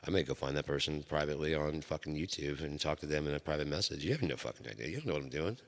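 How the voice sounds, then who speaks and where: Host type: a very low-voiced man telling stories in a loose, profane ramble, with a reverb tail. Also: expressive, rapid-fire. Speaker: channel host. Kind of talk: rambling solo talk. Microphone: microphone. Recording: long hall reverb.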